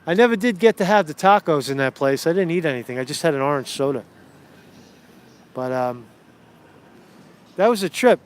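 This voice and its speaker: A man with a slightly high voice streams live political commentary on a phone while walking a city street. He rants and swears, doubles back on his own sentences, and sounds a little winded. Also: expressive, normal speed, pauses often. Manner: ranting, profane, rambling with many restarts. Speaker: political vlogger.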